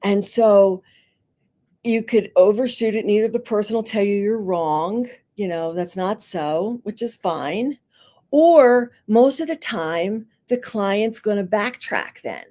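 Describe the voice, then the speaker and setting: A woman's voice: medium pitch, slow. A middle-aged woman, a school psychologist, explaining counseling techniques in conversation and acting out quotes as she tells anecdotes. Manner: animated storytelling, acts out voices in quotes. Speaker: school psychologist and podcast guest.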